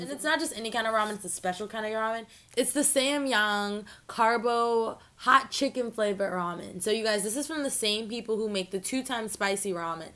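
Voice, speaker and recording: A woman's voice: medium pitch, fairly bright tone. A young woman hosting a mukbang vlog, chatting casually to the camera between bites, bubbly and full of "like" and "ooh". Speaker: mukbang vlogger. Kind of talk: casual chat to camera while eating.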